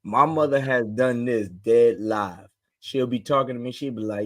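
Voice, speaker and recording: A man co-hosting a casual podcast, telling animated stories and acting out his parents' voices. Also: mid-range voice, normal speed. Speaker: podcast co-host. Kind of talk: casual chat.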